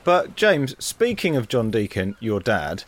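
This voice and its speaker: A man, co-hosting a podcast, chatting casually with animated, exasperated riffs. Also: medium pitch, a little slow, slight background noise. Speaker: podcast co-host. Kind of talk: casual chat.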